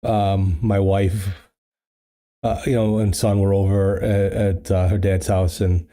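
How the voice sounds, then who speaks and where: A man's voice: deep voice, level tone, takes it slowly, dark tone. A man hosting a casual livestream chat, rambling with many fillers and restarts into a studio microphone. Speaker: livestream host.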